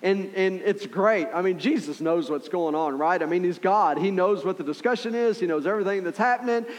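Man, pastor, high voice, animated sermon storytelling, asides to the congregation. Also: fairly quick, long reverb tail.

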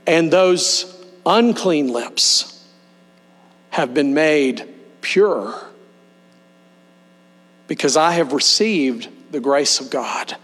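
A man pastor delivering a sermon, leading the congregation in slow, emphatic call-and-response. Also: on the high side, lively intonation, a bit bright, soft background music. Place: church sanctuary. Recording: long hall reverb with mains hum.

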